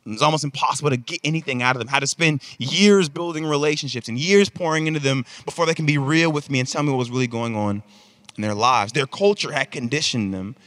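A man preaching a sermon, telling a comic story in an animated, conversational way. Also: mid-range voice, fast, no echo, clean studio sound. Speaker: pastor.

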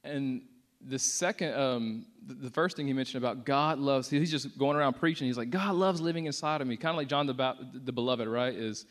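A young man shares a casual, earnest testimony with a church audience in a brisk, mid-range voice, hardly pausing. He fills his speech with "like" and acts out quotes with rising intensity.

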